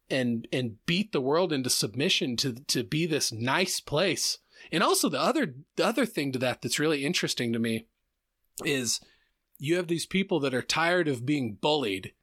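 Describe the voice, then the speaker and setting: A man with a fairly high voice, musing reflectively in casual conversation. He often stops to restart his sentences. The sound is dry and close. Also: a bit bright, dry recording. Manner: reflective, thinks aloud with frequent restarts. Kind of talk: casual chat.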